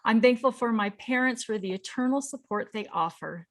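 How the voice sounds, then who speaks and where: A woman's voice: on the high side, normal speed. A woman in her fifties hosting a casual chat, reading tributes aloud and laughing often. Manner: warm-hearted, laughs often, easily moved. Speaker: host.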